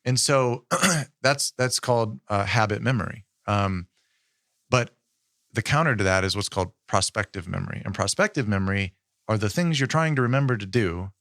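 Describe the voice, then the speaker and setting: A man co-hosting a podcast, explaining how memory works in a relaxed, halting way with fillers. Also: on the low side, dry recording, studio quality. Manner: explanatory, with many fillers and restarts. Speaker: podcast co-host. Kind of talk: casual podcast chat.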